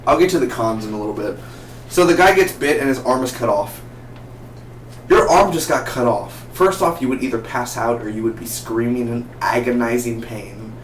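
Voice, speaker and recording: Excitable rambling male reviewer. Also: mid-range voice, normal speed. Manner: excitable and rambling, asks viewers questions. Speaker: TV show reviewer. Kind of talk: casual review vlog. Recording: roomy, distant mic, faint noise.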